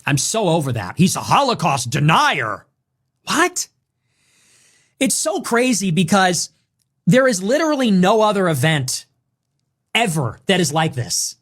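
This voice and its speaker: A man's voice: high voice, sing-song, normal speed, fairly bright tone. A man in his twenties from the United States giving a dismissive, provocative streamed monologue.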